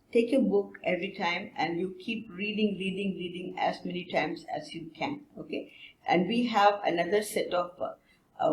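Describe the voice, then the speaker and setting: A woman teaching a phonics lesson to young children, drawing words out slowly so they can repeat after her. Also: fairly low pitch, darkish tone. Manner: slow, drawn-out words for repeating. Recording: echoey room with faint noise.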